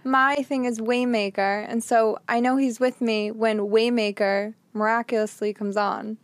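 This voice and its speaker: A young woman with a slightly high voice chats on a podcast, giggling often and getting earnest as she shares personal moments. Her voice is recorded close and dry, with no room sound. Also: fairly even intonation, measured pace, no echo. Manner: giggly, storytelling, emotional. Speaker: podcast co-host. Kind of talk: casual faith chat.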